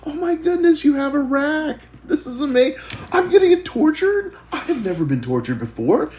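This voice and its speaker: A man's voice: very high-pitched, very animated, normal speed, a little mellow, slight background noise, pitched above the performer's own voice. A man voicing a relentlessly cheerful man who gushes with delight while facing danger. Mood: giddy. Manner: gushing, giddy, laughing.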